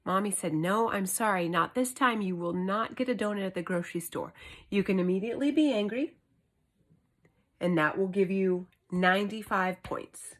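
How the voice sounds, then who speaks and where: A woman in her thirties, a homeschooling mother, telling a story to her camera at home in an earnest, emphatic, animated way. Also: medium pitch, moderate pace. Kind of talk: casual vlog monologue. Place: indoors at home.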